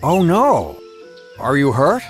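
An actor playing a kind, wealthy young man who talks politely and gently insists on helping. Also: a little high, wildly swooping pitch, takes it slowly, music in the background, heavily acted. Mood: concerned. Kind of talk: scripted story reading.

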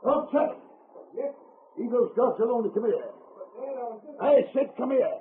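A pompous, short-tempered mining magnate for a 1950s radio play. He barks and blusters in a fairly high voice. The sound is tinny and narrow, like an old broadcast. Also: lively intonation, moderate pace, slight background noise. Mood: angry. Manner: blustering, barking orders. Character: rich, bad-tempered mining boss father. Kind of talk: 1950s radio drama acting.

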